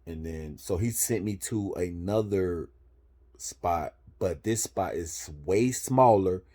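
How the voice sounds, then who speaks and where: A man from Florida telling a personal story in casual, slangy, profane talk, often marking each step with "boom.". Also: slow pace, warm tone.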